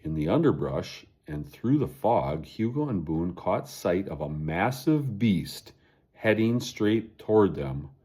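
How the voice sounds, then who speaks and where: Male narrator for a children's chapter book; low, husky, expressive read. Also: slow pace. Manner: expressive reading aloud. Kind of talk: storybook narration.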